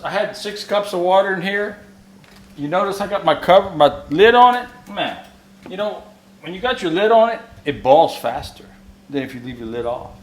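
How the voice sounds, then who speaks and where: A man with a Cajun accent hosts a home cooking video and tells folksy jokes along the way. His voice sits a little high and jumps around with lively pitch. The kitchen sounds echoey, with a faint hum behind it. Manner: folksy, joking storyteller. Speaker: cooking show host.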